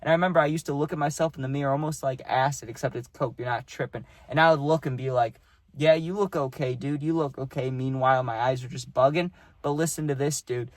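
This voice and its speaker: Speaking fast in a steady, medium-pitched voice, a young man rambles through a personal story full of profanity and fillers. He's recorded close to the mic with no echo.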